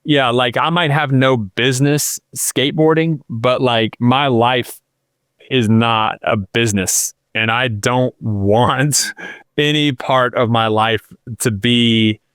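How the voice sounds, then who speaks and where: A man in his thirties talks as a guest on a casual podcast, circling through his stories with lots of fillers and restarts. He is candid and openly emotional. His voice is smooth and resonant, and the recording is close and dry. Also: medium pitch, a bit bright, dry recording. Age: 30s. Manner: rambling, filler-heavy storytelling.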